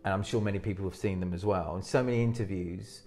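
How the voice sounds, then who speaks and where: Male presentation coach, low-pitched, energetic, restarts sentences mid-thought, faint music underneath. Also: fast talker. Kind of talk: interview advice.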